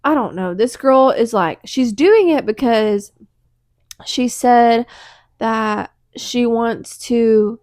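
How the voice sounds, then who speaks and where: A woman co-hosting a casual chat podcast, relaxed and supportive, with frequent backchannel replies. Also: fairly high pitch, takes it slowly, no echo, clean studio sound. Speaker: podcast co-host.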